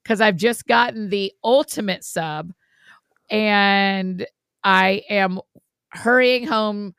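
A woman's voice: mid-range voice, takes it slowly, vocal fry, fairly bright tone, smooth, dry recording, clean studio sound. A woman co-hosting a podcast in casual, enthusiastic chat. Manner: enthusiastic, laughs easily. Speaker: podcast co-host.

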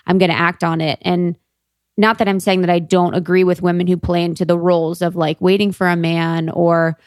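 A woman with a somewhat low voice chats casually on a podcast, sprinkling her talk with "like" and "you know." The sound is close and dry, with no room around it. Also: little pitch movement, a little fast, a little mellow, dry recording. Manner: chatty, fillers of "like" and "you know". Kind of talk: casual chat.

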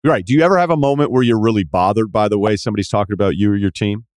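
Deep-voiced man hosting a podcast. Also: racing, a little mellow, dry recording, studio quality. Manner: rambling, self-correcting questions. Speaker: podcast host. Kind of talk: casual interview questions.

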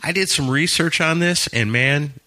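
A man's voice: a little high, normal speed, bright, forceful tone. A man hosting a casual music chat, talking in a rambling, chatty way. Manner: rambling, chatty, reads aloud with amusement. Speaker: podcast host.

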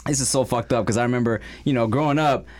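A man's voice: mid-range voice, fast, a little mellow. A man co-hosting a casual podcast over food, talking in a laid-back, profane, slangy way. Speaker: podcast co-host.

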